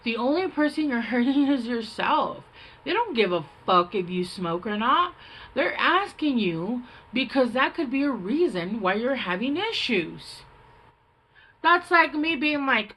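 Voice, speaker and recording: A woman's voice: on the high side, sing-song, unhurried, a bit bright, rough recording. A woman giving a casual tarot reading, talking bluntly with lots of swearing, fillers and rambling asides. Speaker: tarot reader.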